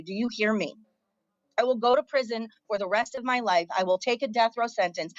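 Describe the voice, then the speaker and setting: A woman's voice: mid-range voice, brisk, dry recording, muffled recording. Furious profane woman ranting on a livestream. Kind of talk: angry livestream rant.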